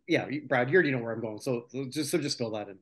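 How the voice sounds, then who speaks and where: A man's voice: mid-range voice, very fast, a bit bright. A man hosting a casual podcast chat, sharing chart research and trivia with his co-hosts. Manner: chatty, shares research and trivia. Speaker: podcast host.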